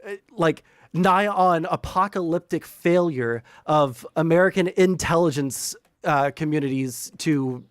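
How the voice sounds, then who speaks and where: A man's voice: a little high, a little slow, no room sound, studio quality. Profane, rambling man streamer. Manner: profane, rambling, animated with filler words. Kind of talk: casual political stream chat.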